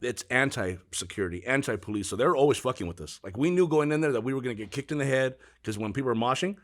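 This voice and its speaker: Brief: quick-talking middle-aged man, agent in a loose chat, lively storyteller who cusses a lot. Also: medium pitch. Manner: fast, animated storyteller, swears freely. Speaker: music agent. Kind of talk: casual interview chat.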